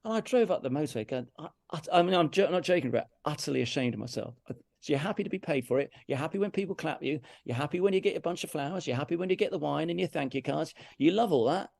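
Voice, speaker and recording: Earnest English man, gravelly and dry. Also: a little high, animated, fast, darkish tone, dry recording. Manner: earnest, emphatic, repeats himself, self-critical. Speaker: interview guest, brass teacher. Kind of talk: candid conversational storytelling. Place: farmhouse room.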